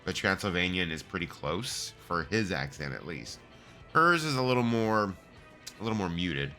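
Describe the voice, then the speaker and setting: A man's voice: deep voice, very animated, normal speed, sharp tone, faint music behind. A middle-aged man streaming a video game, chatting casually, reading the dialogue aloud and laughing at himself often. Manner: jokey and self-deprecating, laughs often. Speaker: gaming streamer.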